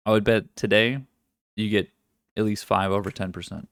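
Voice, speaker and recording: Low-voiced man hosting a trading stream. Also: fairly even intonation, moderate pace, fairly bright tone, no echo, studio quality. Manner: casual, profane, thinks aloud with many restarts. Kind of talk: live market commentary.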